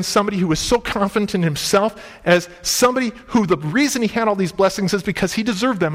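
A male preacher with a fairly high voice, delivering a sermon in a relaxed, conversational way. He leans hard on key words and retells scripture in plain modern speech. The sound carries a long reverb, like a large church hall. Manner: conversational, emphatic, paraphrasing scripture in everyday speech.

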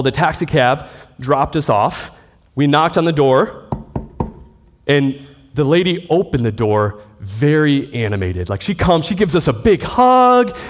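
A man in his thirties preaching a sermon in a conversational storytelling way. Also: on the high side. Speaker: pastor.

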